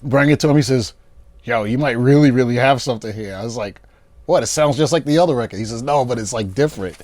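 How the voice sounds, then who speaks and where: A man, a producer guest telling animated stories and acting out his friends' lines in a casual interview. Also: mid-range voice, quick pace.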